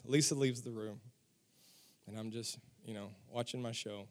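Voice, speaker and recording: A man's voice: medium pitch, fairly even intonation, normal speed. A man, preaching a sermon and telling funny stories from his own life, chuckling and talking straight to the audience. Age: 40s. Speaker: pastor. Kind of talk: sermon with humorous personal stories.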